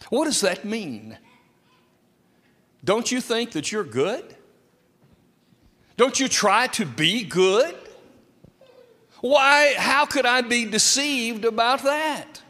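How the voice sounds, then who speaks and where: A man preaching a sermon with a lively, dramatic delivery, sometimes acting out quotes. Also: high voice, slow. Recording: long reverb of a hall.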